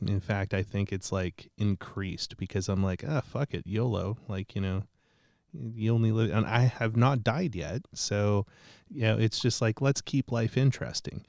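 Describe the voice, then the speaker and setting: A man's voice: on the low side, darkish tone, dry recording, clean studio sound. A man telling a rambling, profane, self-mocking story in casual podcast chat.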